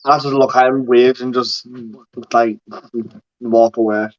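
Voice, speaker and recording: A man's voice: medium pitch, fairly even intonation, unhurried, dry recording. A man playing in a tabletop game, speaking casually. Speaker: player. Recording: dull, dry lo-fi mic.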